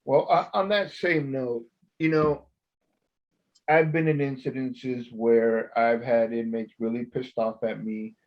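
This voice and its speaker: A man telling blunt, profane stories in a casual podcast chat, growing loud when he quotes himself. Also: medium pitch, steady tone, takes it slowly, muffled recording. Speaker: former corrections officer, co-host.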